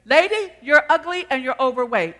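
A woman's voice: high voice, animated, moderate pace, a bit bright, voice pushed up. A woman squawking as a rude taunting parrot. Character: rude heckling pet parrot, male. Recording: long church hall reverb.

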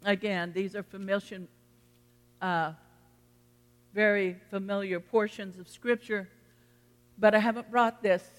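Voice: mid-range voice, steady tone, unhurried, pauses often. A pastor preaching a sermon in a folksy, earnest storytelling manner, addressing the congregation from the front of a church. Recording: long reverb of a hall.

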